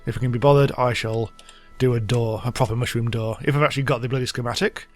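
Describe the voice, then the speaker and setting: A man's voice: mid-range voice, steady tone, fast talker, faint music behind. A man hosting a let's play, giving rambling, self-mocking commentary as he thinks aloud. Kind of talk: casual gameplay commentary.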